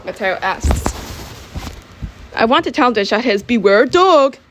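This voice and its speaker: A young woman reading her own homemade audiobook aloud, animated and often stopping to correct herself. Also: a little high, moderate pace, background noise. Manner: animated, with restarts and self-corrections while reading. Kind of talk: amateur audiobook narration with character voices.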